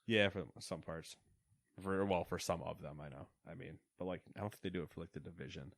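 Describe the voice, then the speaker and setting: A man co-hosting a gaming podcast, joking in quick, casual banter. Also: low-pitched, vocal fry, no room sound. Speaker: podcast co-host. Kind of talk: casual chat.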